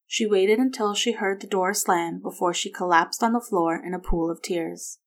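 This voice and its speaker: A woman narrating a story in a steady, even reading voice. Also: mid-range voice, moderate pace.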